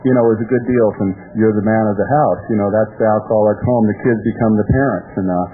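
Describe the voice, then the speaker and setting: A man's voice: fairly low pitch, fairly even intonation, fast talker. A man from California telling his recovery story at a meeting, rambling and chuckling as he goes. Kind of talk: personal recovery talk. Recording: tinny phone-like tape with faint music.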